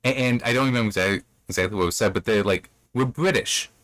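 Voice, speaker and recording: A man's voice: on the low side, racing, a bit bright, no echo. A man hosting a casual spoken review of a book chapter, retelling the plot in a rambling way and throwing in playful mock voices. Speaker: book reviewer, channel host.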